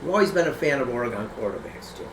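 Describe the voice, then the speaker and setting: A man hosting a casual sports podcast, animated and quick to laugh. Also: mid-range voice, echoey room, a little hiss or hum, low-quality recording. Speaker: podcast host.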